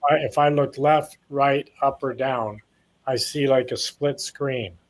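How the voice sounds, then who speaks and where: This former boxer from Canada, now in his sixties, talks a little slowly in a medium-pitched, steady tone. Sitting for a casual interview, he drifts through rambling anecdotes and performs any quoted lines.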